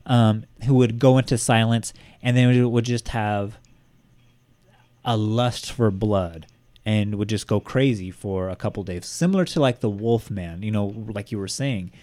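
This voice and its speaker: A man's voice: fairly low pitch, measured pace, a little mellow, dry recording. A man hosting a casual true-crime podcast, rambling with lots of fillers and casual swearing. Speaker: podcast host.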